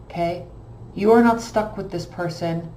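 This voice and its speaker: A woman's voice: on the low side, unhurried, warm tone, reverberant, a little hiss or hum, rough recording. A woman reading tarot cards in a blunt, emphatic way, repeating phrases for stress. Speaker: tarot reader.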